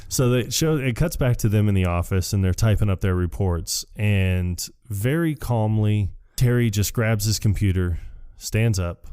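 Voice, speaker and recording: A man co-hosting a podcast, casually recapping a film scene by scene and acting out the characters' lines in a higher voice. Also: unhurried, smooth. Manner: animated retelling, jumps high to act out quoted lines, laughs often. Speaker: podcast co-host. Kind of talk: casual movie recap chat.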